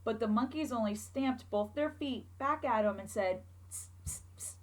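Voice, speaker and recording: A woman teacher reading a picture book aloud to children, expressive and asking them questions along the way. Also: a little high, moderate pace, rough recording.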